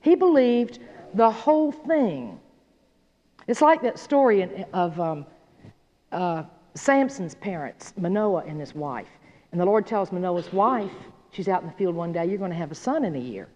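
Lively woman teaching scripture. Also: medium pitch, a little slow. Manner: animated, folksy, asks listeners "okay?". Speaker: Bible teacher. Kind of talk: Bible study teaching. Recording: dull sound in a reverberant hall.

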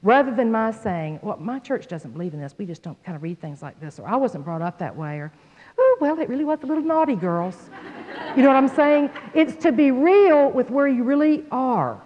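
A woman giving a Bible teaching, telling a personal story in an animated way and acting out the voices of the people in it. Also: a little high, a little fast, hardly any pauses, some chatter behind. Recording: dull sound in a hall with long echo.

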